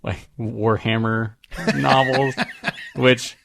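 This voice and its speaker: A man's voice: mid-range voice, fairly even intonation, drawn-out words, vocal fry, a bit bright. A man co-hosting a podcast in casual chat, rambling with lots of "like" and laughing often. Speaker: podcast co-host. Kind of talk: casual chat, reading listener letters.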